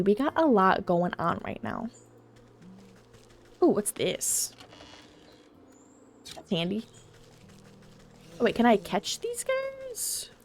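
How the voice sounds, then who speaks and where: A woman's voice: mid-range voice, darkish tone, slight background noise. A woman streamer chatting casually and thinking aloud while playing a game. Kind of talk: casual gameplay commentary.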